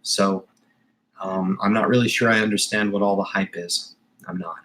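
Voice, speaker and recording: A man with a fairly low voice hosting an investing livestream. He talks in a casual, rambling way, stumbling and restarting phrases, and presses his advice on viewers insistently. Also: steady tone, moderate pace, a bit bright. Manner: rambling, emphatic, with repeated restarts. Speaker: investing channel host.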